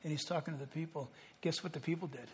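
A man preaching a sermon, emphatic, swinging from loud declarations to hushed, quiet passages. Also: fairly high pitch, fast, a little hiss or hum. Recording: long hall reverb.

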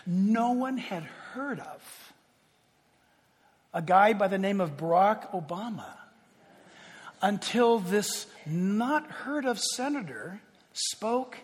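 A man preaching a sermon, emphatic, swinging from loud declarations to hushed, quiet passages. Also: high voice, lively intonation, takes it slowly, long pauses, slightly rough. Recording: long hall reverb.

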